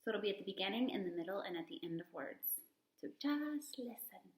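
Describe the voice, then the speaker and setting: A woman speech-language pathologist modeling sounds and words slowly and deliberately for children to repeat. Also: medium pitch, animated, echoey room. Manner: slow, deliberate word-by-word modeling. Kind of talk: speech therapy lesson.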